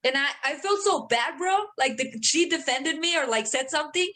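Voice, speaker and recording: A woman's voice: high voice, animated, moderate pace, sharp tone. A young woman co-hosting a podcast, telling stories in casual chat with plenty of swearing and laughter. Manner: profane, laughing storyteller. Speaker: podcast co-host.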